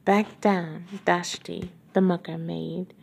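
A woman reading a menacing, bullying male noble lord in a storybook, in a low, taunting way. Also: little pitch movement, takes it slowly, gravelly, a little mellow, husky, exaggerated voice. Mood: mock-sweet.

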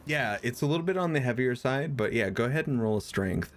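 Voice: medium pitch, expressive, a little fast, slight background noise. A game master narrating a tabletop game in a loose, chatty way full of fillers.

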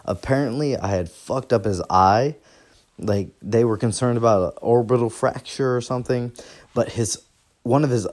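A young man at a mid-range pitch, talking loosely and cursing freely. He rambles through his story, restarting sentences and laughing along the way. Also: darkish tone. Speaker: podcast host. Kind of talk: casual solo storytelling.

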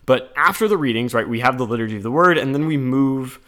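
A man co-hosting a podcast, talking through scripture readings in an earnest, conversational way, with animated retellings. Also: mid-range voice, quick pace. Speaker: podcast co-host. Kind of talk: casual chat about scripture readings.

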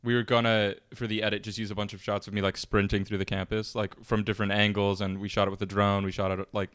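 This podcast co-host is a young adult man whose lowish voice comes out fast and flat, with a fairly bright, clear and resonant tone. He chats casually, rambling with many fillers and self-deprecating humor, and the studio-quality recording has no echo.

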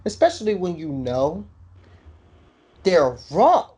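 A man's voice: sits high, slow pace. A man who has worked at a hotel, talking in an exclamatory way in casual chat. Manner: lively, exclamatory storytelling.

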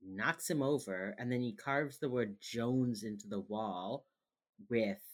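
A woman's voice: extremely low pitch, slow pace, breathy edge. A woman co-hosting a podcast, recapping a show in a wry, casual way. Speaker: podcast co-host. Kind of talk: casual chat.

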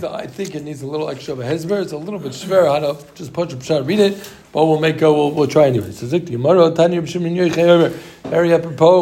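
A man's voice: a little high, darkish tone. A man teaching a casual Talmud class, mixing English with Hebrew and Yiddish terms and repeating himself as he works through the text.

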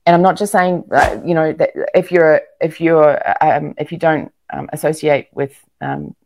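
A woman speaks in a low register, earnest and motivational. Her talk is loose and chatty, full of ums and restarts as she gives advice. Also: steady tone, moderate pace, a little mellow, slight background noise. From New Zealand. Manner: earnest, motivational, many fillers. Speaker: guest entrepreneur. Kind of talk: casual interview chat.

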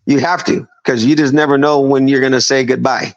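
A man's voice: medium pitch, steady tone, fairly quick. A man of fifty telling a story on a podcast, rambling and swearing as he talks. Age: 50s. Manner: profane, rambling, emphatic. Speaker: podcast guest. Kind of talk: casual storytelling. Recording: dull lo-fi sound.

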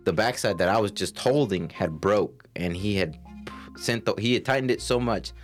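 A young man in casual chat, telling animated stories and acting out his coworkers' lines in Spanish and English. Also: on the low side, normal speed, faint music behind. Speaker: guest.

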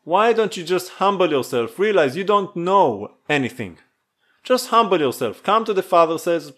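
A man preaching an earnest sermon, pressing his listeners with repeated pleas. His voice sits a little high and swings widely in pitch. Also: very animated, normal speed, a bit bright. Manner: earnest, exhorting, repetitive pleading.

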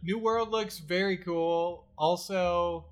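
A man co-hosting a casual gaming chat, relaxed and curious. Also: high voice, takes it slowly.

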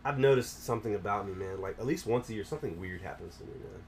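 A man's voice: on the low side, fast, gravelly, a little mellow. A man hosting a podcast, telling a rambling story in casual chat, swearing heavily and dropping "bro" and "dude" often.

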